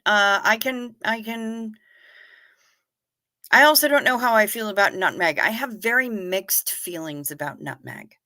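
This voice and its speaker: Chatty livestream host, woman, bright tone, close and dry. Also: medium pitch, no room sound. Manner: chatty, reacting to comments with quick asides. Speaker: livestream host reading chat. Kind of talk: casual chat.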